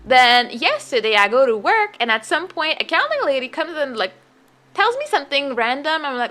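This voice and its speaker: A young woman streamer talks in a high voice that swoops up and down. She tells a story in casual, chatty fashion, looping back with fillers and restarts. Her tone is bright and sharp. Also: big pitch swings, normal speed.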